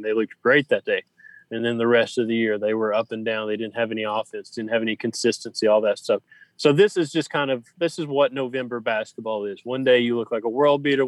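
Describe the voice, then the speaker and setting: In a mid-range voice, a sports podcast co-host talks casually, listing his points emphatically in rhythmic repetition. There is no echo, but the audio quality is poor.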